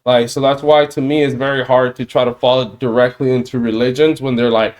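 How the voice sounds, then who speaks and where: Male podcast host, mid pitch, casual, rambling delivery. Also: little pitch movement, fairly quick, few pauses, a little mellow. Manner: rambling, loose, often asks "you know what I mean".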